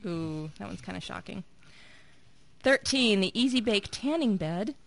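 A woman's voice: mid-range voice, lively intonation, unhurried, creaky. A woman co-hosting a radio program, joking and laughing through a list of silly items. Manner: laughs often, playful. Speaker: radio co-host. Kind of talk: jokey radio banter.

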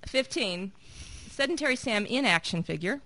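A woman's voice: on the high side, expressive, moderate pace, pushed and bright, dry recording. A woman co-hosting a radio program, joking and laughing through a list of silly items. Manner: laughs often, playful. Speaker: radio co-host. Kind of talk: jokey radio banter.

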